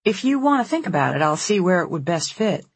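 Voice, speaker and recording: An audiobook reader voicing a busy, determined young woman who runs a ranch, speaking in a brisk, practical way. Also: medium pitch, very animated, husky, no room sound. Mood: persuasive. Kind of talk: audiobook character voice.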